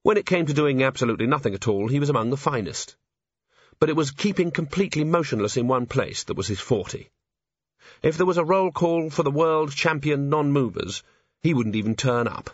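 Husky man reading a story. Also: on the high side, lively intonation, fairly quick, no echo, dull audio. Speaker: audiobook narrator. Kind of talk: scripted narration.

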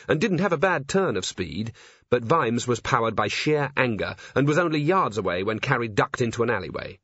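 A man reads an audiobook with an expressive delivery and a lively pitch. His voice is husky. The recording is dry and slightly dull. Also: dry recording. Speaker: narrator. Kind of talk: audiobook narration.

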